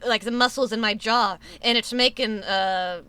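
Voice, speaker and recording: A woman's voice: on the high side, moderate pace, sharp tone, smooth. A woman streamer chatting casually with her viewers, swearing a lot and restarting sentences as she rambles about a sore tooth. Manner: profane, rambling, many restarts. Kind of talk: casual live-stream chat.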